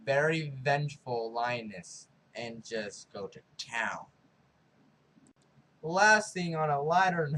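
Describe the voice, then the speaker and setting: Excitable rambling man reviewing a show. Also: mid-range voice. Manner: excitable and rambling, with many fillers; slips into quick character impressions. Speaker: video reviewer. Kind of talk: casual TV episode review.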